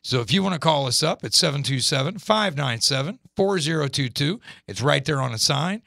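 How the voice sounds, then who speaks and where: An upbeat male talk show host with a bright, gravelly voice. His pitch leaps around as he reads listener emails aloud. The studio sound is dry and close. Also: expressive, fairly quick, dry recording. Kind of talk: casual live talk show.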